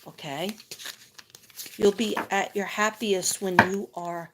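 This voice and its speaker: A woman's voice: mid-range voice, steady tone, slow pace, heavy background noise. A woman doing a psychic tarot reading live, talking in a rambling, chatty way with lots of fillers.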